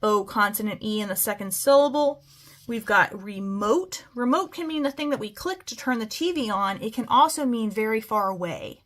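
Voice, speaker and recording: A woman's voice: on the high side, expressive, fairly bright tone. A woman teaching a phonics lesson to children, stretching out words as she models them. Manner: slow, stretched-out word modeling.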